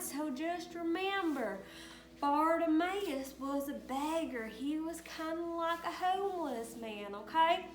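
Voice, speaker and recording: High-voiced, slow-spoken woman teaching children. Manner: animated, asks children questions, calls out lines for them to repeat. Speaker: Sunday school teacher. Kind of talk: storytelling Bible lesson for preschoolers. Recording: echoey room.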